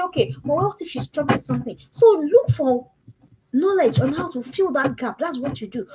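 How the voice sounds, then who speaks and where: A woman delivers a parenting lesson in a high-pitched voice, emphatic and animated. She repeats her phrases and keeps putting questions to the listener. The audio quality is poor.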